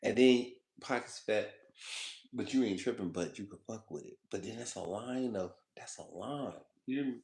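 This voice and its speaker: A man's voice: on the low side, normal speed, gravelly, darkish tone. Loose, slangy man rambling in an echoey room. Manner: loose, slangy, profane, laughs often; repeats himself and talks to the viewer. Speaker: food vlogger. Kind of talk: casual rambling monologue.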